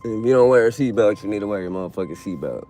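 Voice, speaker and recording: A man's voice: fairly low pitch, expressive, racing, warm tone, a little hiss or hum. A young man streaming live while driving deliveries, ranting in a casual, heavily profane, irritated way. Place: inside a car on city streets.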